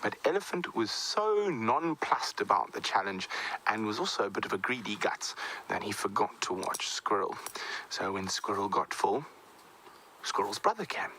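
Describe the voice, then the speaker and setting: A man tells a folktale from a canvas tent in the rain, playful and animated. His voice is bright with lively pitch swings at a middle register. Faint noise sits under him. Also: moderate pace, rough recording. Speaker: safari show presenter. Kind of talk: folktale storytelling.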